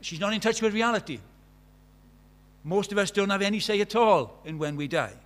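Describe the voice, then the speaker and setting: A middle-aged Welshman with a fairly high voice preaches a sermon at a moderate pace. He moves between loud, emphatic declarations and quiet, hushed asides.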